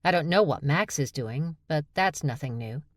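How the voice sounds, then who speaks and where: A woman reading an audiobook, voicing a blunt, sharp-tongued young woman who sounds exasperated and matter-of-fact. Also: sits low, lively intonation, moderate pace, no echo.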